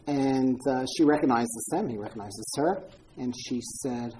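A woman's voice: a bass voice, moderate pace, mellow, slight background noise, low-quality recording. A woman giving an informal talk and answering audience questions, speaking conversationally with repeated words and frequent ums as she tells stories. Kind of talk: informal lecture with Q&A.

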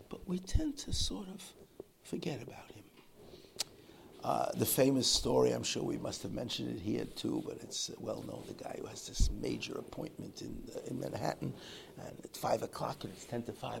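Male rabbi, gravelly, very lively pitch, faint noise behind; loud bursts, then near-whispers. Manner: animated, swings from loud exclamations to near-whispers; acts out quoted people in his story. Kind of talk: Torah talk to a congregation.

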